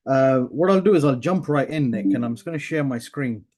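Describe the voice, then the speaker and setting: A man gives an earnest webinar presentation over a video call. He starts and restarts his sentences and fills them with "uh" and "um". His voice sits at an ordinary pitch for a man. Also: animated, a little fast, darkish tone. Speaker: webinar panelist, software founder.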